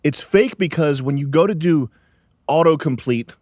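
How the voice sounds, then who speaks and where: A man hosting a casual podcast, ranting with lots of swearing, then settling into quieter musing. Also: fairly high pitch, moderate pace, dry recording, clean studio sound. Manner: profane, emphatic, trailing into quiet musing. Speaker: show host.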